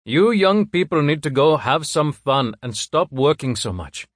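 A man's voice: fairly high pitch, sing-song, measured pace, no room sound, clean studio sound, pitched above the performer's own voice. Male reader doing an older Indian doctor: kind, fatherly, chatty. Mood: kindly.

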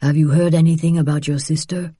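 A woman doing a weary old father, gruff. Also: flat delivery, a little fast, warm tone, dry recording, clean studio sound. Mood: gentle. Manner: weary, low and firm. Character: tired thin elderly Parisian father, gruff. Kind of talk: audiobook character voice.

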